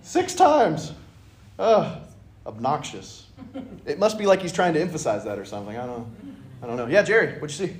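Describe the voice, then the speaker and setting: Animated man leading Bible study. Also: fairly high pitch, moderate pace, long pauses. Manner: animated, acts out dialogue in voices. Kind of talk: interactive Bible teaching. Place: church meeting room. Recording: echoey room.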